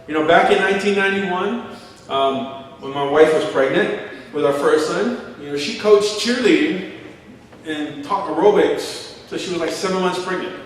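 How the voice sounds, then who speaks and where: Middle-aged pastor preaching in an echoey hall. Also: male voice, sits high, moderate pace, far from the mic, slight background noise. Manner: storytelling, acting out quotes, chuckling. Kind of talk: sermon. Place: large church hall.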